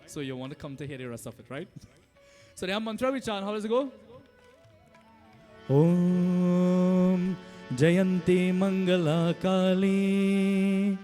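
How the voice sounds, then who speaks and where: A Trinidadian man with a high voice preaches as a Hindu pundit in a temple hall. He teaches in a friendly, conversational way, checking in with his listeners as he goes. Faint music sits underneath. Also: big pitch swings, quick pace. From Trinidad and Tobago. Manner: conversational teaching with frequent "right?" and laughs. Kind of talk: sermon.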